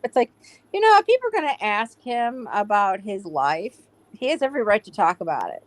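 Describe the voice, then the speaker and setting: A woman's voice: mid-range voice, very animated, a little fast, dry recording. A woman co-hosting a podcast, blunt, indignant and profane in casual chat. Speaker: podcast co-host.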